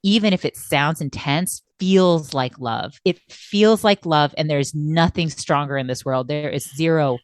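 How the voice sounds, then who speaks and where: A woman's voice: sits low, unhurried, hardly any pauses, no echo, studio quality. A woman co-hosting a podcast as a coach, talking in an intense, emphatic way and laughing often. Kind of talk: casual podcast conversation.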